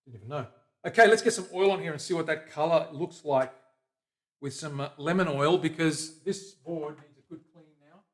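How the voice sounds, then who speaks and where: A fairly high-voiced man chatting casually as he works in his workshop. He is upbeat and talkative, jumping from loud, excited remarks to low, half-muttered asides to himself. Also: moderate pace. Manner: chatty and upbeat, talking to viewers and a helper as he works; swings between loud bursts and quiet mumbling to himself. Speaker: guitar builder hosting a livestream. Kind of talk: casual workshop chat while working.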